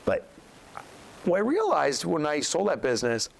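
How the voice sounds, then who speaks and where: A man telling his life story as an interview guest, animated and acting out the voices of people in it. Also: on the high side, normal speed, gravelly, rough recording. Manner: animated storyteller acting out quotes, rising sharply when incredulous. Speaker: guest, author and business coach.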